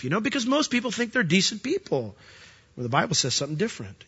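A male pastor preaching with a high, lively voice that swoops up and down, acting out the people in his stories. His tone is very bright and a little husky. The sound is dull and lo-fi. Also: fast. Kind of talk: sermon.

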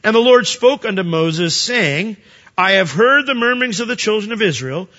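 A male pastor with a bright, slightly high voice, teaching through scripture in a relaxed, conversational way. He reads the verses and then explains them to the congregation. The sound is a little dull and rings in a large hall. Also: normal speed.

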